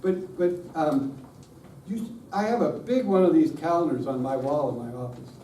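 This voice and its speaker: With a warm voice on the high side at normal speed, a middle-aged man addresses a conference on worship. He jokes with the audience at his own expense, recorded through a distant room mic that leaves the sound roomy with faint hiss.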